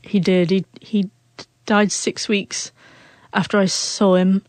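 A woman's voice: mid-range voice, little pitch movement, slow pace, no echo. Woman who stutters. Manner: stutters, repeating first sounds. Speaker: author and guest. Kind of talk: emotional interview storytelling.

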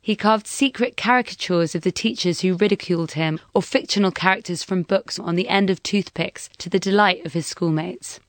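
Documentary narrator, male, measured scripted read, dry close sound. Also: sits high, a bit bright, dry recording.

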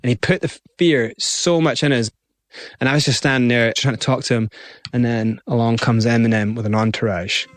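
Man, interview guest, animated storytelling, mid pitch, dry close sound. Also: no echo. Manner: animated, acts out other people's lines in quick voices.

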